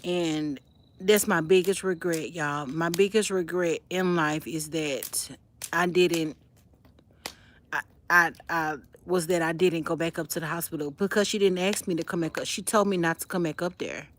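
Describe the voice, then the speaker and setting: A woman's voice: fairly low pitch, fairly even intonation, normal speed, a little hiss or hum. A woman livestreaming outdoors by a fire on a cold night, chatting straight to her viewers and telling a personal story. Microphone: phone livestream.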